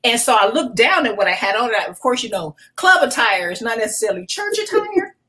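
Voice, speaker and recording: A middle-aged woman pastor, a podcast guest, telling a personal testimony in an animated, emotional way, often restarting her sentences. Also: fairly high pitch, a little fast, poor audio.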